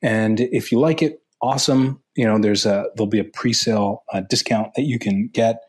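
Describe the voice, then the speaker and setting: A man appearing as a podcast guest, speaking in a measured way about his work and where to find him. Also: on the low side, fairly even intonation, darkish tone, slightly rough. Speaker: podcast guest, author and consultant. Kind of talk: casual podcast interview.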